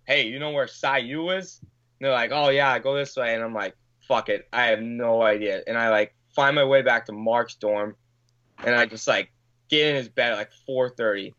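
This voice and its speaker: A man's voice: medium pitch, normal speed, fairly bright tone, highs cut off. Male guest, casual storyteller; loose, filler-heavy, profane delivery. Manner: rambling, filler-heavy, swears, acts out quotes. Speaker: podcast guest.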